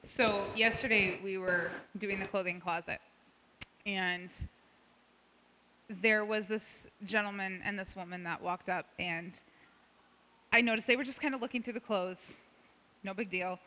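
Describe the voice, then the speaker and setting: A woman's voice: mid-range voice, fairly even intonation, unhurried, long pauses, bright, forceful tone. A woman telling a story from volunteer work at a church gathering, acting out the people she quotes. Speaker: church group member sharing a story. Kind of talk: casual testimony sharing. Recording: long hall reverb.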